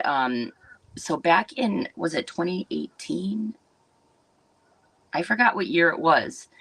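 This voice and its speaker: Chatty woman with a bright voice. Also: rumbling low, no echo, poor audio. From Wisconsin, US. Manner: rambling and chatty, with many fillers and asides to viewers. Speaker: livestream host and business owner. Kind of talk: casual livestream monologue.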